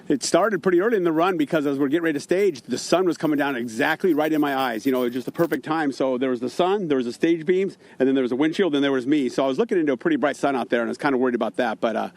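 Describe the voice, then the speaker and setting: Fast-talking drag racer, outdoors. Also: male voice, a little high, darkish tone. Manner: quick, rambling, restarts phrases. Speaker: funny car driver. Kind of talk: post-race interview.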